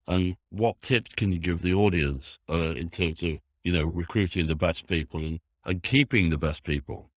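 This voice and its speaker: Yorkshire male host, low-pitched, chatty and enthusiastic, rambling questions. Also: normal speed, few pauses, dry recording, clean studio sound. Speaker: podcast host. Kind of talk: business podcast interview.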